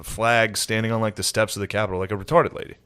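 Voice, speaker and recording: A man's voice: lowish voice, level tone, fast talker, fairly bright tone, clean tone, dry recording. A man, co-hosting a comedy podcast in loose, crude, joking chat. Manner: loose, crude, joking, slips into mock accents. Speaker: podcast co-host.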